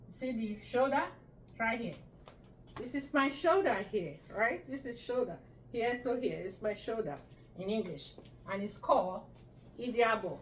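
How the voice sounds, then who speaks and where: Brief: woman, fairly high voice, slow patient teacher, echoey room with the mic set back. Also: far from the mic, a little hiss or hum. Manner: patient, repeats each word, checks with "right?". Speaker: language teacher. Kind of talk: slow explanatory lesson.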